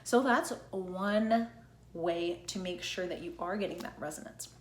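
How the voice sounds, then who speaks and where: A woman's voice: lowish voice, a little slow. Echoey-voiced woman singing coach. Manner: explains plainly, checks in with frequent "okay?", sings demonstration notes. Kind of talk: online singing lesson.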